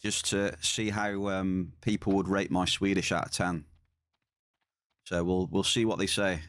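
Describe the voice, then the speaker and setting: A man's voice: low-pitched, level tone, unhurried, a bit bright, no echo, studio quality. A man streaming a game, chatting casually with viewers and often repeating his words as he plays.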